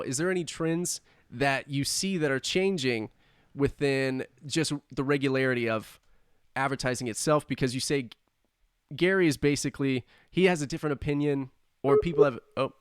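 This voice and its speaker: A man's voice: mid-range voice, clean tone, no echo, clean studio sound. A man hosting a casual podcast interview, summing up points and asking questions. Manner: relaxed, summarizing and asking questions. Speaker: podcast host.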